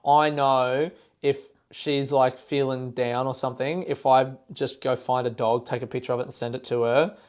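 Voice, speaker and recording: A man's voice: medium pitch, steady tone, moderate pace, few pauses, clear, resonant tone. Laid-back man who swears. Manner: swearing, storytelling, mimics his girlfriend. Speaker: podcast guest. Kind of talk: casual chat.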